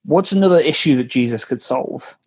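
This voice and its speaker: A man co-hosting a podcast, playful in casual chat, with frequent hesitant pauses. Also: mid-range voice, animated, a little mellow, husky. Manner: playful, many "um" pauses, quick laughs. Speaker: podcast co-host.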